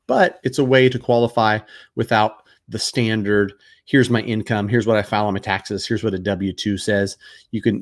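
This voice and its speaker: A man hosting a casual live Q&A as a mortgage broker, explaining loans in a conversational way with frequent fillers and restarts. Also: mid-range voice. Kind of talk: casual live Q&A answering viewer questions.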